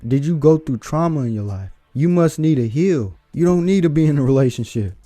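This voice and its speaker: A man's voice: on the high side, animated, brisk, warm tone, dry recording, soft background music. A man hosting a reaction video, giving blunt, lecturing commentary. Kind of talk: opinionated commentary.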